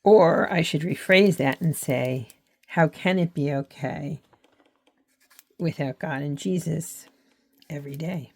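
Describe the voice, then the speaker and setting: A woman's voice: low voice, slow, long pauses, a little mellow, slightly rough. A middle-aged woman hosting a faith and journaling channel, talking to camera in an earnest, frank way with frequent restarts. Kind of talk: casual talk to camera.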